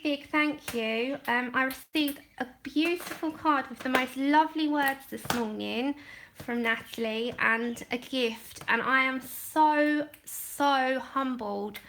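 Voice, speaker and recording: Gushing high-voiced woman. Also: slight background noise. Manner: gushing, excitable, laughs often and trails off. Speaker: colouring channel host. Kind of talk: casual livestream chat while unboxing. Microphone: camera set back from the desk.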